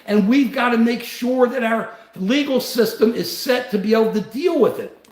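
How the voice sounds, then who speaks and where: An older man talks straight to his live-stream viewers, his voice riding high and swinging widely as he gets worked up. A gravelly edge runs under his words, and the room around him rings with echo. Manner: impassioned, reads and answers viewer comments. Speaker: livestream host. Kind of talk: live-stream political talk.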